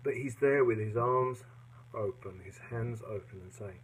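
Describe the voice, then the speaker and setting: A man giving a personal devotional talk to listeners in a gentle, earnest and reflective manner. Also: medium pitch, unhurried, slightly rough, rough recording. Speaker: devotional podcaster.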